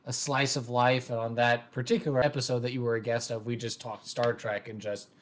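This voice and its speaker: Slight background noise accompanies a man whose medium-pitched voice is flat and a little fast. He hosts and runs the game on a tabletop role-play podcast, chatting casually and rambling with many fillers and restarts.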